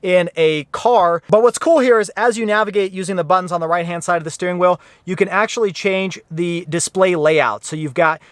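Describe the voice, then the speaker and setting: A man's voice: high voice, fairly quick, hardly any pauses, no echo, studio quality. A man reviewing an electric SUV in an upbeat, explanatory walkthrough, standing by the vehicle and then climbing inside. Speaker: car reviewer.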